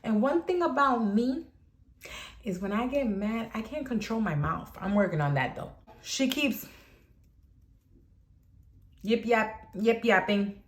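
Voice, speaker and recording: A young woman vlogger telling a story casually, animated and blunt, with lots of slang. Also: fairly high pitch, slow, pauses often.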